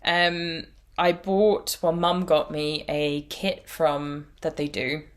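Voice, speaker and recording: Irish woman, podcast host; easy, meandering, self-mocking chat in a lower register. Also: flat delivery, slow pace. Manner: chatty, rambling, laughs at herself. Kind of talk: casual chat.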